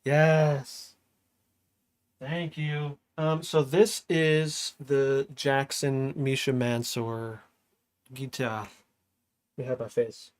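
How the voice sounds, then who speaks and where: A young man chatting casually on a livestream as he makes music, slangy and relaxed, often laughing. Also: medium pitch, extremely slow, long pauses, no room sound. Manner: laid-back, slangy, laughs often, talks while working. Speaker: music producer streaming. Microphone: studio microphone.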